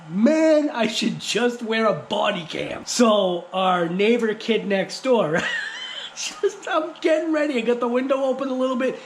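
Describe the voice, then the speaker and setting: A man with a New England accent, hosting a casual, rambling vlog about RC cars, chatty and quick to laugh. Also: high voice, a little hiss or hum. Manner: chatty, laughs often, many fillers. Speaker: RC car channel host.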